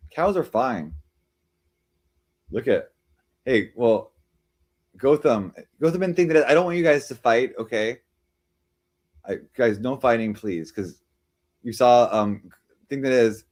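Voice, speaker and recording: In a mid-range, slightly mellow voice, a man hosts a live stream, chatting casually and reading viewer comments. He rambles and teases, switching from joke to joke and between chat replies.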